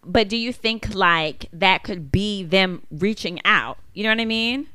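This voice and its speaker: A woman co-hosting a podcast, calmly asking questions and affirming in casual chat. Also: medium pitch, measured pace, clean tone, no room sound, clean studio sound. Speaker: podcast co-host.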